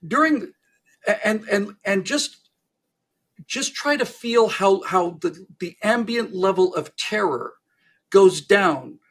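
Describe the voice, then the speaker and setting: A man's voice: sits high, expressive, slow pace, fairly bright tone, slightly rough. A man talking with a host, telling jokes and acting out the characters in them, with many restarts. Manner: acts out characters in stories, frequent restarts. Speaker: narrator and historian, guest. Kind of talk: animated joke-telling in a conversation.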